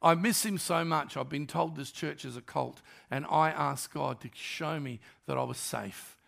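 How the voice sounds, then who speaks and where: An older man, a pastor telling stories in a sermon and acting out the dialogue, dropping to softer tones. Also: fairly high pitch, a little slow, creaky. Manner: animated storyteller, acts out dialogue, drops to soft tones. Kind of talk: storytelling sermon.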